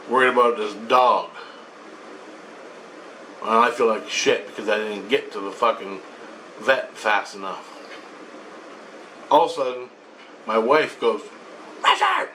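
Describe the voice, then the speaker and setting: A man's voice: fairly low pitch, bright, forceful tone, distant mic, slight background noise, low-quality recording. A man telling a story about his spiritual experiences in a rambling, profane way. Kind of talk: casual storytelling monologue.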